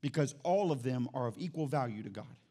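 A male pastor preaching an animated sermon in church, calling out to the congregation and acting out little scenes. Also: medium pitch, a little fast. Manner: animated, acts out quotes, calls out to congregation.

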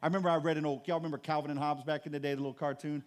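High-voiced, animated preaching pastor. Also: male voice, rapid-fire. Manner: animated, conversational preaching with joking asides to the congregation. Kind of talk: sermon.

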